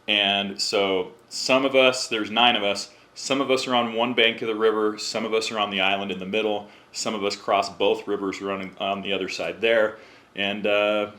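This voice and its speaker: Man, podcast guest, lowish voice, bright tone, casual storytelling. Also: flat delivery, moderate pace. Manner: chatty, acts out quoted voices.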